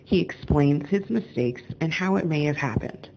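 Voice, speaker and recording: A woman hosting a show, reading calm, measured scripted narration. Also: low voice, low-quality recording. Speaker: show host.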